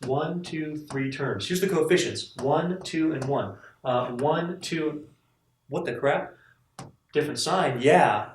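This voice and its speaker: A man teaching a math lecture to students, enthusiastic and animated as he walks through examples. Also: a little high, slow, reverberant, far from the mic, slight background noise, rough recording.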